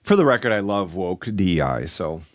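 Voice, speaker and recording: Rambling on a live stream, this goofy, crude Michigan man giggles and lets out sudden high yelps. He is very animated and brisk, with a little hiss or hum in the audio.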